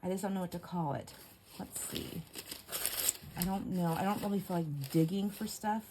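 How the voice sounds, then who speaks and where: At a moderate pace and fairly low pitch, a middle-aged woman chats casually while crafting at home for her video. She rambles, laughs often, and sometimes drops to a whisper, with background noise audible.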